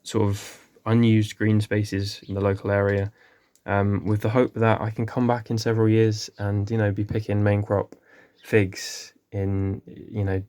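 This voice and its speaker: Rambling man with low voice. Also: little pitch movement, a little slow, few pauses, mellow, clean tone. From England. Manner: rambling, many ums, self-correcting. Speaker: gardening vlogger. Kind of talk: casual walk-through tour. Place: small greenhouse.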